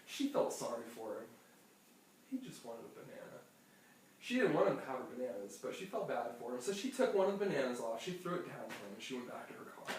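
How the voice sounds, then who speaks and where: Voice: mid-range voice, fast. Laughing storyteller in an echoey room. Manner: lively, laughs often, acts out sounds. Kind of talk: improvised bedtime story for a child. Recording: echoey room, distant mic, faint noise.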